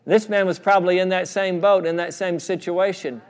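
A man's voice: high voice, steady tone, moderate pace. A man preaching a sermon, repeating phrases and calling for responses from the congregation. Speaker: pastor. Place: church sanctuary. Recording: long church reverb.

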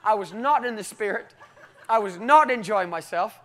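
Here a British man preaches, weaving the sermon around a personal anecdote in a voice pitched very high for a man. He stays animated, laughing often, at a normal speed.

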